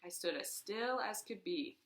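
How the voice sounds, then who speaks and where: A woman reading a children's chapter book aloud in an expressive way, acting out the sound effects. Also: medium pitch, measured pace, echoey room. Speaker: reader.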